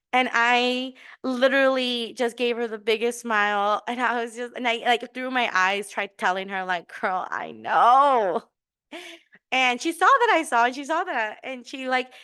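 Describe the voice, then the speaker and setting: A medium-pitched, clean-toned voice belongs to a middle-aged woman hosting a podcast. Chatty and encouraging, she relates a casual story, breaking into laughter and restarting her sentences with plenty of fillers.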